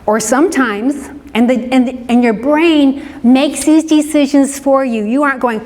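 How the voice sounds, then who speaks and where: Her voice sits high and a little mellow, and she speaks a little slowly, with hardly any pauses. A counselor from the American Midwest, she talks about forgiveness to a live group in an interactive, conversational lecture, checking in often with "right?", and the hall adds a long reverb.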